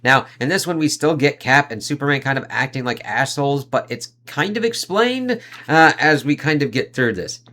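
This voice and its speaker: A man's voice: mid-range voice, lively intonation, normal speed, pushed and bright. A young man giving a loose, casual spoken comic book review, peppered with swearing and "it's like" fillers, often reading the panels' dialogue aloud.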